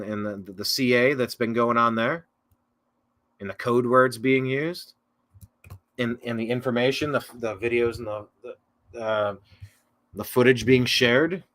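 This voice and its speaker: A male political talk show host with a bright, forceful, medium-pitched voice rambles casually through viewer comments. He keeps correcting himself, adding mocking, sarcastic asides.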